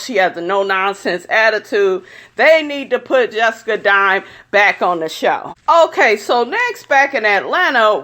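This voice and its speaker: A woman's voice: a little high, a bit bright. Sassy, blunt woman recapping reality TV. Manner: sassy, blunt, says "honey" often. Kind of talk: casual opinionated recap.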